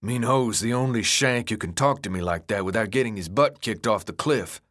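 A man voicing a tense teenage boy leader who shouts and demands answers. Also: lowish voice, normal speed, natural voice. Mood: gruff.

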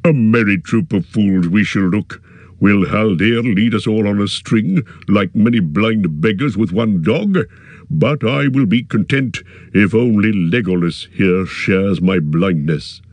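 Man doing a gruff, stubborn dwarf. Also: fairly low pitch, unhurried, a little mellow, dry recording. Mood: mocking. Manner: defiant, blunt. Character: stubborn proud male dwarf warrior.

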